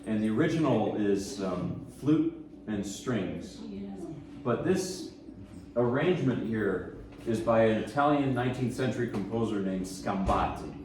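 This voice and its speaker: A man introducing pieces at a piano recital, relaxed and rambling, with self-deprecating asides. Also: on the low side, measured pace, slight background noise. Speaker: pianist giving a lecture recital. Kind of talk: casual spoken introductions between pieces. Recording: echoey room, mic at a distance.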